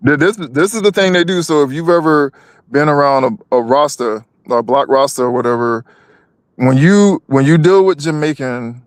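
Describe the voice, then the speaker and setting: A man's voice: a little high, normal speed, clear, resonant tone, dry recording, clean studio sound. A man co-hosting a live stream, talking politics casually, with many restarts and repeated words.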